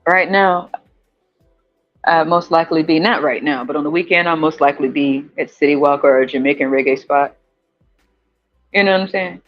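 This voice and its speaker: A man with an American country accent hosting a casual livestream chat, animated and profane, laughing often and jumping into high squeals. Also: normal speed, long pauses. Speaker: podcast host. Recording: dull lo-fi audio with faint music.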